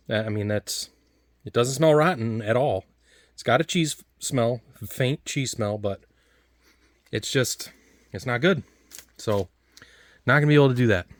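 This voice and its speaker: This food reviewer talks casually through a taste test of old food in a medium-pitched voice with no echo. He rambles and halts, restarting sentences often and filling gaps with fillers.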